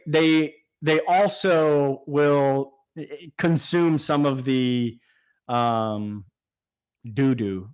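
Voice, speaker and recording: A man hosting a casual live stream, reading out viewer comments and answering them enthusiastically off the cuff. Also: a little high. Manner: enthusiastic, talks off the cuff with fillers and restarts. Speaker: aquarium channel host.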